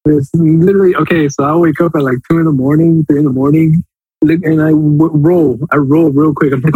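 A man with a husky, slightly rough voice, co-hosting a sports podcast. He rambles, circles back over his own phrases and lets sentences trail off. The recording is dry and close. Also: on the high side, steady tone, quick pace, warm tone, dry recording, poor audio. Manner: rambling, repeats himself, trails off mid-thought. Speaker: podcast co-host. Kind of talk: casual sports podcast chat.

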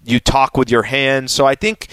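A man from San Diego hosting a casual chat show, animated and playful, spinning jokes and asides as he talks. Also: medium pitch, normal speed, clear, resonant tone, no room sound. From San Diego, California. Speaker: show host.

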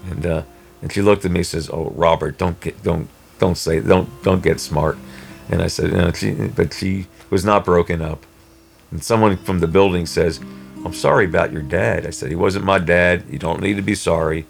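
A man telling a personal story in a rambling, halting way with many restarts. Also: low-pitched, fairly even intonation, vocal fry, soft background music. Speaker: storyteller guest. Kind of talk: casual spoken storytelling.

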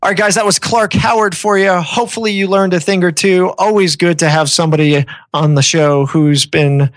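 A man's voice: high voice, steady tone, normal speed, no room sound. A man hosting a podcast, chatting casually in a friendly, rambling way with many restarts. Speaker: podcast host.

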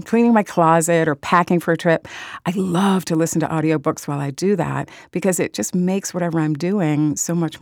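Low-voiced woman author. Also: darkish tone, no room sound, clean studio sound. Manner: earnest and enthusiastic, emotional about audiobooks. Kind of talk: answering interview questions.

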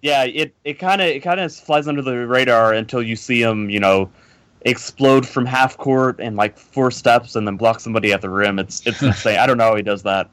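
A man's voice: mid-range voice, brisk, a bit bright, dry recording. Hesitant man guesting on a podcast. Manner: hesitant, lots of "uh" and repeats. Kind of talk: casual podcast chat.

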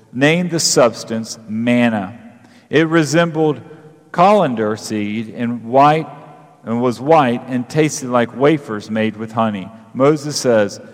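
A pastor preaches in a church, his voice carrying a long echo through the sanctuary. He reads scripture slowly, then rises in pitch and force as he calls listeners to pray. His pitch sits in the ordinary middle range for a man. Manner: preaching with rising fervor, drawn-out pauses. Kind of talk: sermon.

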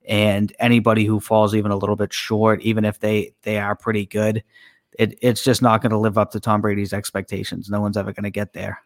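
A man's voice: fairly low pitch, completely flat delivery, brisk, no echo, clean studio sound. A man co-hosting a sports podcast, agreeing and giving plain opinions in casual chat. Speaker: podcast co-host.

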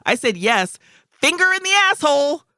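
Woman in her forties, profane storyteller, lively pitch, bright tone, dry sound. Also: moderate pace, no echo. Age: 40s. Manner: profane, animated, acts out other people's lines. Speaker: podcast co-host. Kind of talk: casual comedic storytelling.

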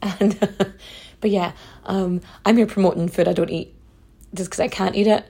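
A woman tells history stories on her podcast in a loose, chatty way. She wanders into personal asides and swears casually. Her voice is gravelly and a little husky, with a dark, mellow tone. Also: mid-range voice, fairly even intonation, a little slow. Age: adult mother. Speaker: podcast host.

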